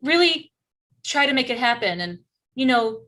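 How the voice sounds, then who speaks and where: A woman's voice: high-pitched, animated, moderate pace, fairly bright tone. An actress playing a bubbly, bossy 1950s teen girl best friend, talking in a chirpy, pushy way in a live improv comedy scene. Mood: coaxing.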